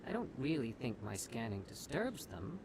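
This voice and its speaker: Nervous sneaky researcher guy, pitch jumps all over, game dialogue. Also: very animated, normal speed, noisy background. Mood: evasive. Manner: hesitant, evasive. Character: nervous secretive alien researcher.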